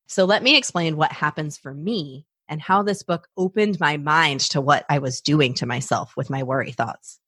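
A woman's voice: deep voice, fairly bright tone, no room sound, studio quality. A woman hosting a personal podcast, talking animatedly and acting out her own anxious inner thoughts. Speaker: podcast host.

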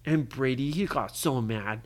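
Brief: lively storyteller, improvised kids' tale, keeps asking questions. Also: medium pitch, measured pace. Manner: animated, keeps quizzing the listener. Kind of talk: improvised bedtime story for a child.

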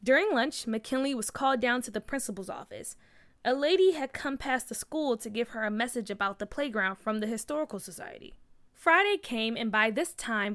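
A woman reading a children's story aloud in an expressive, lively way. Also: a little high.

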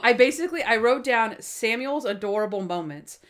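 A woman's voice: fairly high pitch, animated, normal speed. A young woman co-hosting a casual chat, retelling TV scenes with quoted voices and frequent laughter. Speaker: podcast co-host. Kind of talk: casual chat recapping a TV episode.

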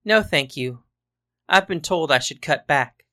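Giggly young woman, kind and bright-toned, read by a woman. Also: low voice, lively intonation, a little slow.

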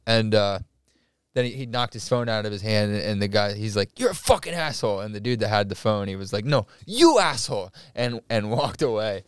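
A man's voice: on the low side, little pitch movement, a little fast, smooth, no room sound, studio quality. A man in casual chat, telling a story with heavy swearing and acting out the people in it. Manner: profane storyteller acting out quotes.

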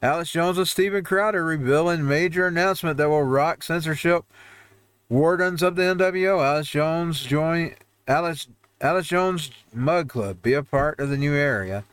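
A man's voice: fairly high pitch, moderate pace, smooth, dry recording. A man hosting a home-made show, ranting over news headlines in a heated, rambling way with frequent restarts. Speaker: host. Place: home newsroom studio.

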